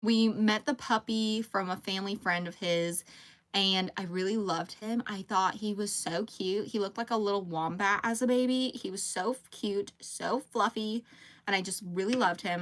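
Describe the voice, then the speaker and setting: This livestream host speaks at a medium pitch with a slightly bright tone. She chats casually from home as she crochets, wandering between topics, reading viewers' comments aloud and addressing her dog.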